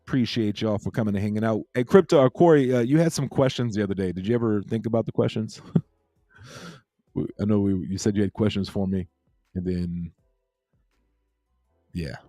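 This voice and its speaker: A relaxed man chats through a livestream in a low, mellow voice. He rambles easily, repeats his phrases and greets viewers from the chat. The sound is dry and close. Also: a little fast, long pauses, dry recording. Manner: laid-back, repeats himself, reads chat aloud. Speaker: crypto livestream host.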